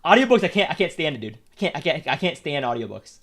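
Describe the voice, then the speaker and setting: A young man with a notably high voice streams a game and rants about it. He talks bluntly and swears a lot, and he repeats himself as he complains. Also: sing-song, fast, a bit bright. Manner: blunt, profane, repetitive ranting. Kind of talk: casual stream commentary.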